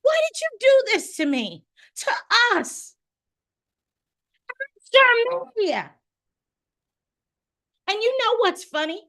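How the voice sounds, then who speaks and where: A woman acts out a betrayed wife confronting her unfaithful husband, in a very high, bright voice that rises and falls widely. She speaks slowly and accusingly, raw and bitter, heard over a video call. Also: full character voice. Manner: accusing, raw, swings between quiet and shouting. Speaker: acting student performing a monologue. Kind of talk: dramatic film monologue performance. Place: home via video call. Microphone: video call microphone.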